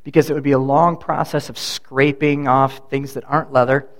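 A man's voice: mid-range voice, flat delivery, normal speed. A middle-aged man preaching a sermon as pastor, in a conversational way, turning aside to speak to people in the congregation. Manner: conversational preaching, addresses congregation members by name.

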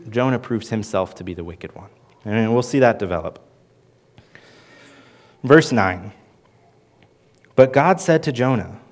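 A man teaching through a Bible passage in an earnest sermon, with lively emphasis and frequent restarts. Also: on the low side. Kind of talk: expository sermon.

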